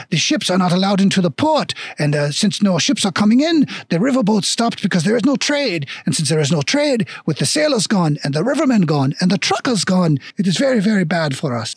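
A man's voice: sits high, breathy edge, no echo, clean studio sound, heavily acted. A man voicing a stout, fussy male dwarf innkeeper with an exaggerated fake French accent, polite and flowery.

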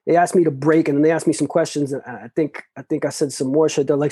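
Man with a dark husky voice, swears a lot, rambly story talk, dry sound. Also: fairly high pitch, steady tone, fast talker, few pauses, no room sound, low-quality recording. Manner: loose, profane, full of restarts and "like". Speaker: interview guest. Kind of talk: casual storytelling.

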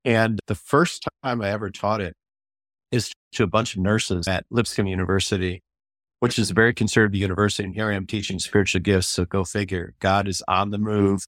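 An older man, an author and ministry leader, talking as a guest in an interview. He tells stories in an animated way, often restarts phrases, and acts out quotes in a raised voice. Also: on the low side, a little fast, no echo, clean studio sound. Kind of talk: conversational storytelling interview.

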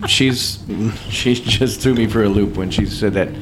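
A man from California hosts a podcast and tells a story in a loose, chatty way, swearing freely. His pitch jumps high when he quotes people. A faint hiss sits under the voice. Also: unhurried. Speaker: podcast host. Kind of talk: casual storytelling.

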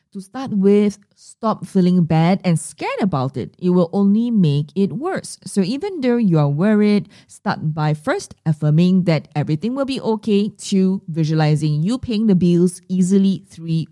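A middle-aged woman hosts a solo podcast. Her voice is warm and mellow, her pitch swings widely as she acts out quoted voices, and the sound is dry and close. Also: no room sound. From Singapore. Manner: animated storytelling, acting out quoted voices. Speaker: podcast host and money mindset coach.

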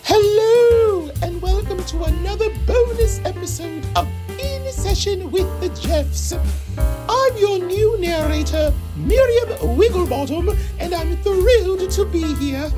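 A man voicing a prim, polite British woman narrator with a tough streak, in a chirpy, genteel put-on British accent for a comedy podcast. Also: very high voice. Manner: chirpy and genteel, breaking into panic.

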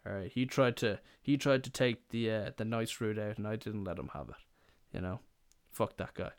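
A man's voice: fairly low pitch, normal speed, clean tone, no room sound. A young man hosting a podcast, telling rambling, profane, self-mocking work stories in casual chat. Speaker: podcast host. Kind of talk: casual storytelling.

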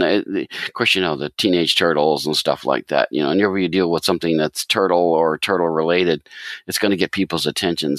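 A man with a very deep, gravelly voice hosts a casual podcast interview. His delivery swings up and down with lively energy, though he rambles and restarts often. The sound is dry and close. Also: dry recording. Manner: rambling, many restarts and fillers. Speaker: podcast host.

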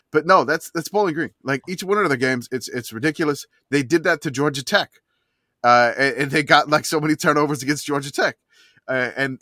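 A man's voice: a little high, pushed and bright, no room sound, studio quality. A man co-hosting a casual sports podcast, rambling with many restarts. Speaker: podcast co-host.

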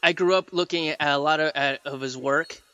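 A man's voice: fairly high pitch, steady tone, fairly quick, sharp tone, clear, resonant tone, muffled recording, soft background music. A man co-hosting a podcast in casual chat, rambling with many fillers and laughing often. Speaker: podcast co-host and dinosaur artist.

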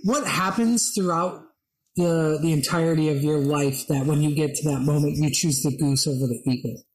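Podcast guest, dry jokey delivery, cusses casually, mid-pitch voice. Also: normal speed, husky, poor audio. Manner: wry, joking, swears casually. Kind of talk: casual chat.

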